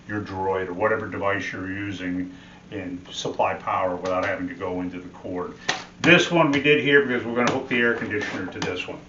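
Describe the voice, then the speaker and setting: Guy explaining outlets and wiring, plain casual talk, sharp voice, roomy muffled audio. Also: fairly low pitch, a little hiss or hum. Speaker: home remodeling host. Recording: echoey, dull room sound.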